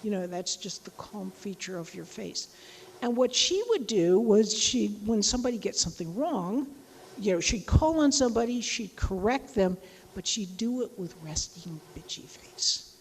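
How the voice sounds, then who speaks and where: A woman giving a casual, chatty lecture on teaching, animated and full of asides. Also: mid-range voice, normal speed, breathy edge, long reverb tail, rough recording. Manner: chatty, animated, acts out quoted voices. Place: lecture hall.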